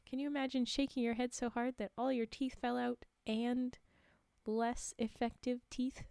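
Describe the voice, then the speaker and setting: High gravelly-voiced giggly woman storyteller. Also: little pitch movement, moderate pace, a little mellow, dry recording. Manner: giggly, chatty, laughing asides. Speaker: livestream storyteller. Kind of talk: folktale reading with chatty asides.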